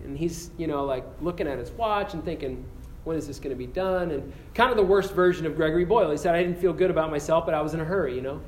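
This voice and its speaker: A campus pastor, his voice sitting a little high, preaches to students in an earnest, storytelling style, often stumbling and restarting. His sermon closes as he slows into a hushed prayer. The room echoes, with a faint hum of ambient noise.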